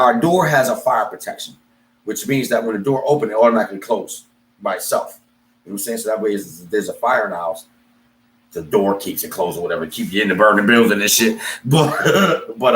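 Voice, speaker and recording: A man's voice: lowish voice, fairly bright tone, slight background noise. A man telling a story in casual talk, acting out both sides with quoted voices. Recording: echoey room.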